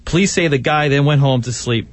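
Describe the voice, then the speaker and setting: A man's voice: a little high, fairly quick, dry recording. A man with a Brooklyn accent, a show producer reading a news story in a matter-of-fact way.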